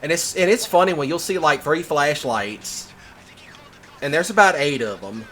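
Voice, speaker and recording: Animated man, bright lively voice. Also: fairly high pitch, fast talker, slight background noise. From Mississippi. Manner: animated, laughs often, swears freely. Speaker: host. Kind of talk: casual storytelling chat.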